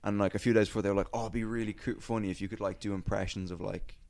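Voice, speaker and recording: Low-voiced rambling podcast host, a man. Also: fairly even intonation, rapid-fire, a little mellow. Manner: rambling storyteller, swears freely, many "uh"s. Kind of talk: casual chat.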